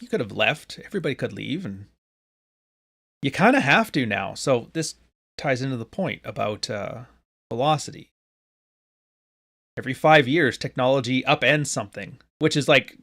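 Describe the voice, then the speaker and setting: Guy in his late 30s from canada, average pitch, rambling jokey podcast host chatting to his live chat, swears a bit. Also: fairly bright tone. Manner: rambling, joking, swears freely. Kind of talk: casual live-stream talk to a chat.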